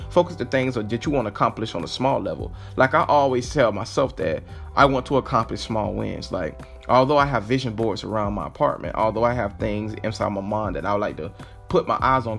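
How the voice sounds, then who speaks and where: A man's voice: mid-range voice, vocal fry, fairly bright tone. A man hosting his own podcast, talking through motivational advice in an earnest, rambling way, often restarting and saying "like". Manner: earnest, repetitive, heavy use of "like". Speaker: podcast host. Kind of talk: casual motivational monologue. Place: own apartment.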